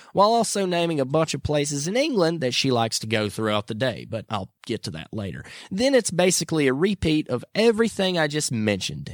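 Brief: a mid-pitched man hosting a podcast, chatty and self-mocking, expressive delivery. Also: no room sound, clean studio sound. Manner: chatty, self-mocking, earnest when preaching. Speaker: podcast host. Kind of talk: casual chat and devotional talk.

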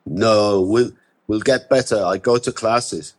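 A man reads as a worn-out Romanian laborer, a migrant far from home. He speaks broken English slowly and haltingly, with a Romanian accent and a low, sad weariness. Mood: weary.

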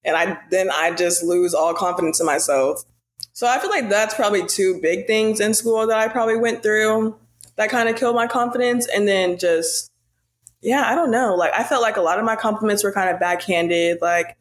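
A woman's voice: mid-range voice, normal speed. A young woman from the United States speaks casually as a guest. She hesitates often and fills her sentences with small fillers. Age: young adult. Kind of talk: casual conversation.

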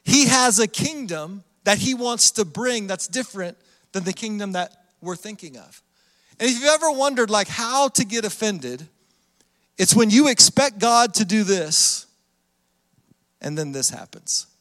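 High-voiced pastor preaching in a reverberant hall. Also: male voice, a little slow. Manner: animated storytelling with acted-out voices. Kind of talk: sermon.

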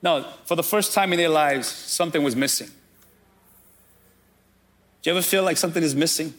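A man's voice: fairly high pitch, a little fast, fairly bright tone. A man preaching a sermon as pastor, calling out directly to his congregation.

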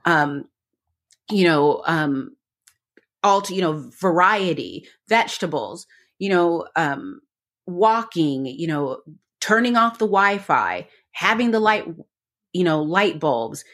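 A woman co-hosting a podcast in casual chat, talking eagerly and rambling with lots of fillers. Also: fairly low pitch. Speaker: podcast co-host.

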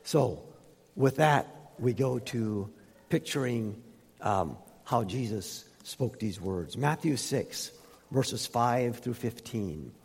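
Pastor, male, husky and emphatic, lively pitch swings, echoing church hall. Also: takes it slowly. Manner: emphatic preaching, swinging from loud highs to soft lows. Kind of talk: sermon. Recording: reverberant hall.

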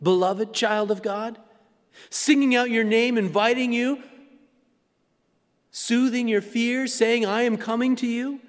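A man preaching a sermon as pastor, with a rhythmic, repetitive cadence that falls to a hushed, near-whispered delivery. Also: extremely high pitch, steady tone, slow, pauses often. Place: church sanctuary. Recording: long church reverb.

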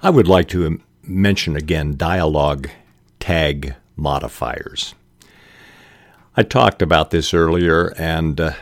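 A man hosting a podcast, giving measured, scripted advice on writing with occasional restarts. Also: low-pitched, no room sound, clean studio sound. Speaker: podcast host.

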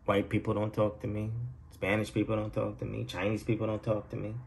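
A man's voice: lowish voice, completely flat delivery, fairly quick, vocal fry, slight background noise. A man hosting his own podcast, talking in a loose, profane, rambling monologue and laughing at his own jokes, recorded at home. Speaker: podcast host. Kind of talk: casual solo monologue.

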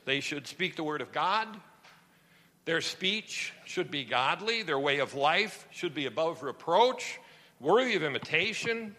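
A male pastor preaching a sermon in an animated storytelling manner. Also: sits high, in a large hall.

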